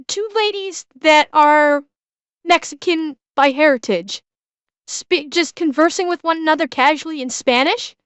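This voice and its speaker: High-voiced sweary woman streamer. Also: a little slow, fairly bright tone, no echo. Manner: blunt, heavy swearing, indignant. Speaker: streamer reacting to a video. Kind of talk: ranting reaction commentary.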